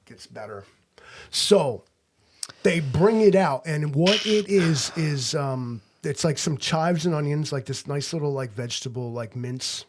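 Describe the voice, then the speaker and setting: A man's voice: fairly high pitch, expressive, measured pace. An American man co-hosting a podcast, telling a long rambling travel story in casual chat. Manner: rambling storyteller, acts out quotes. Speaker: podcast co-host.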